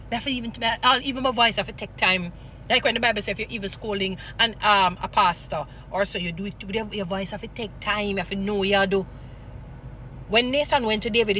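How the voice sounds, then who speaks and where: A Jamaican woman vlogging, scolding and preaching in an animated mix of patois and English, weaving in Bible stories. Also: medium pitch, fairly quick, slight background noise. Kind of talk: impassioned commentary with Bible stories.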